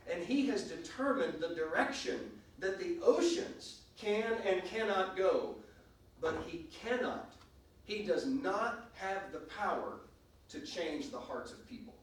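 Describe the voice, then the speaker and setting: A man's voice: high voice, lively intonation, slow, a little hiss or hum. A man teaching a church Bible class, emphatic and stopping often to restart or to ask the class questions. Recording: echoey room, recorded from a distance.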